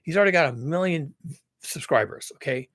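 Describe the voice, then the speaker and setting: A man's voice: fairly high pitch, animated, a little fast, fairly bright tone, no echo, clean studio sound. A man in a ranting monologue, dramatically spinning grim scenarios with some swearing. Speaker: video creator.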